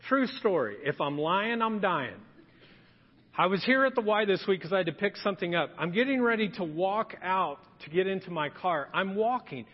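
A man preaches from a church sanctuary, his voice sitting high. He tells stories with animation and slips into other people's voices to act out scenes. The sound is dull and lo-fi, with a long hall echo trailing each phrase. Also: expressive, normal speed. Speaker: pastor. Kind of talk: humorous storytelling sermon.

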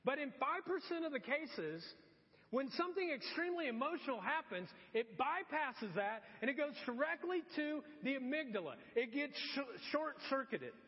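Man, pastor, sermon, very high lively voice, dull sound, long church reverb. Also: normal speed. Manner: animated storytelling with acted-out voices.

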